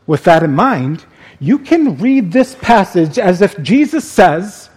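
A man preaching a sermon as pastor, speaking slowly and deliberately with dramatic pauses. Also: high-pitched, big pitch swings, a little mellow, breathy edge.

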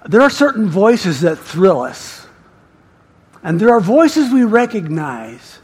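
Pastor guy preaching slow, emphatic, stumbles and repeats words, really lively pitch. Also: slightly rough. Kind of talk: sermon. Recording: reverberant church hall.

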